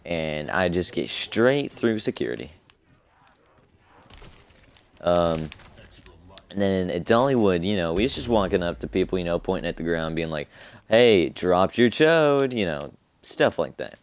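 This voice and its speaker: A man's voice: low-pitched, lively intonation, normal speed, long pauses. A young man telling a rambling, profane story in a casual, laid-back way as a streamer. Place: home streaming setup.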